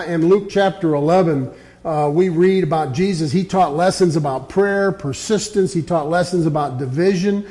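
A man preaching a sermon, reading scripture aloud and dropping low and quiet to press his points. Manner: earnest, quotes scripture, drops low and quiet on key points.

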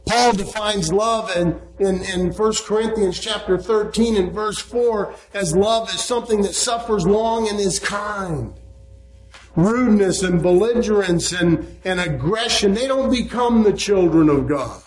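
A man preaching a sermon, speaking slowly and emphatically and citing scripture chapter and verse. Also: high-pitched, low-quality recording. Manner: slow, emphatic preaching, quoting scripture references.

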